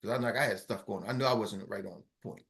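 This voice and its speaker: A middle-aged man coaching a team in a motivational talk on an online call, energetic and repetitive, often checking that his listeners are with him. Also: on the low side, fast, gravelly. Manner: energetic, repetitive, keeps asking the audience if they follow. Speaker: business coach.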